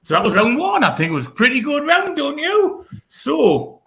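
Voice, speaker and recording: A British man hosting a comedy pun contest with a high, bouncing voice. His tone is bright and gravelly, and he stretches his words out in a playful way. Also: wildly swooping pitch. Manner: playful, laughing, drawn-out words. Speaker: comedy show host.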